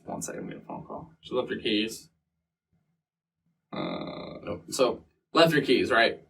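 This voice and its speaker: Picked up by a distant mic with faint room noise, a man with a fairly low, creaky, fairly bright voice tells a long, rambling story as an interview guest. His pitch swoops wildly at a measured pace, he swears often, and he acts out what people said.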